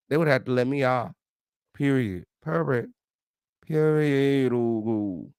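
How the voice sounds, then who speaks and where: A man's voice: medium pitch, lively intonation, takes it slowly, smooth, no room sound, clean studio sound. A man hosting a gossip show, reacting to a clip with profane, mocking commentary. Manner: profane, mocking, loud laughs.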